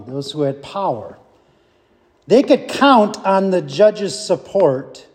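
A man teaching a Bible study class in a slow, halting way, with many fillers and restarts. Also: fairly high pitch, darkish tone, big-room sound.

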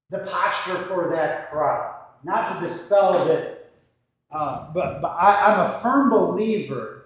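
Male pastor, somewhat high voice, relaxed thoughtful teaching talk, recorded in a reverberant church with shifting mic distance. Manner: conversational, thoughtful, with restarts and gestures. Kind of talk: casual teaching talk to a congregation. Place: church sanctuary. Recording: echoey church room.

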